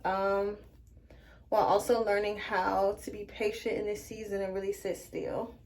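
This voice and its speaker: A woman's voice: medium pitch, flat delivery, moderate pace, darkish tone. A woman vlogger chatting casually through a hair care tutorial, talking straight to her viewers. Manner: chatty, addresses viewers as you guys. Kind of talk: casual tutorial talk to camera.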